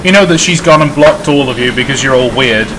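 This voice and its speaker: A man's voice: mid-range voice, quick pace. Welsh man streaming a train game; joking, chatty, noticeable background noise. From Wales. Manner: jokey, chatty, commentating on the game. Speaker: livestream host playing a train simulator. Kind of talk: casual gaming chat.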